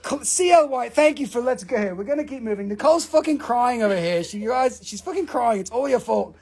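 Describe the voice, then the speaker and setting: A man's voice: extremely high pitch, expressive, a little fast, a little mellow, slightly rough. A man hosting a live stream that sells rocks, chatting in a profane, rambling way and laughing often. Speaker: host of a live rock sale. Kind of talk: live-stream sales chat.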